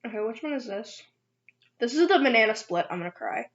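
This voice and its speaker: A woman's voice: fairly high pitch, lively intonation, fairly quick. A young woman chatting casually in an eating vlog, rambling and giggling at herself, with a dull lo-fi recording. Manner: giggly, rambling, self-teasing. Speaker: vlogger. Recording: dull lo-fi sound.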